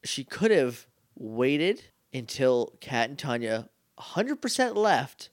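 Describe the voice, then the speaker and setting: Animated, wry male podcast co-host. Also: mid-range voice, dry recording. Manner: wry, animated retelling with quick quoted voices. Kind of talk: casual recap chat.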